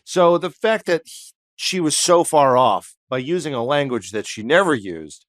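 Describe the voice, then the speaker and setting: A man's voice: on the high side, lively intonation, normal speed, dry recording, clean studio sound. A man co-hosting a comedy history podcast, telling the story in a rambling, jokey way with asides. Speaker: podcast co-host.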